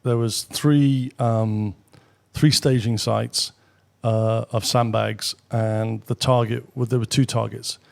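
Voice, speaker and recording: A middle-aged British man, a guest on an interview show, telling anecdotes casually with quick asides and the odd swear. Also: medium pitch, steady tone, creaky. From Britain. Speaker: guest, former military pilot. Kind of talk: casual storytelling.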